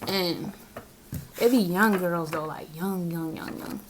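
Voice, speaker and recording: A woman's voice: lowish voice, slow pace, slight background noise. A young woman, a tarot reader, talking casually and bluntly in a spiritual vlog, with slang and frequent laughs. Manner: blunt, slangy, laughs often between points.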